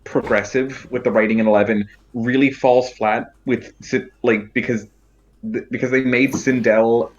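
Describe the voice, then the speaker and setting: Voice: mid-range voice, fairly even intonation, normal speed. Hesitant rambling voice, muffled line. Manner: hesitant, full of fillers and restarts. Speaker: stream participant. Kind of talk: casual chat on a group call. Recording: lo-fi muffled audio.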